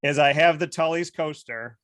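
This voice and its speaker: A man with a bright, somewhat high voice tells stories on a casual talk show. He acts out the people he talks about and often restarts his sentences. The sound is dry, with little room echo. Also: normal speed. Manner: animated storyteller, acts out quoted voices, many restarts. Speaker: host. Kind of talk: casual storytelling chat.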